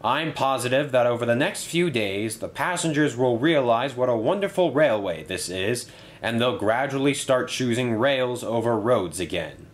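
A man's voice: medium pitch, animated, normal speed, natural voice. Male narrator voicing a subdued, reassuring railway chief. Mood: worried. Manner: quiet, reassuring. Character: worried middle-aged male railway boss.

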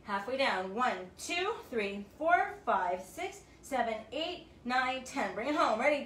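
A high-voiced woman leads a home workout class, counting each rep out loud and cheering her class through every set. Her voice is bright and a little sharp, with an unhurried delivery. She sounds set back from the mic in an echoey room at home. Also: lively intonation, recorded from a distance, slight background noise. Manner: encouraging, counts reps out loud with upbeat cheers. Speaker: fitness instructor.

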